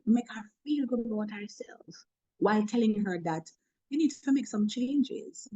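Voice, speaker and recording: A woman's voice: a little high, lively intonation, measured pace, dark tone, breathy edge, dull audio. A woman with a Jamaican accent, a motivational speaker in a webinar talk, humorous and preachy, telling stories from work.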